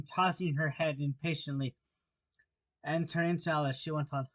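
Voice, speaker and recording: A man with a shrill voice narrating an audiobook of a storybook, with occasional slips and restarts. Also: fairly even intonation, moderate pace.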